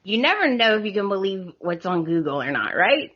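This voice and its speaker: A woman's voice: medium pitch, big pitch swings, a little fast, husky, dull audio. A woman with a heavy Southern US accent, a podcast guest in casual chat, hesitant and giggly. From southern United States.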